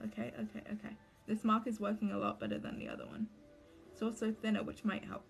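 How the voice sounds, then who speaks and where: A woman's voice: mid-range voice, very animated, quick pace, gravelly, faint music behind. A young woman, livestreaming as she crafts a cosplay mask, chatting anxiously and rambling to her viewers. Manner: anxious, rambling, talks to chat while drawing. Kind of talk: casual livestream chat while crafting.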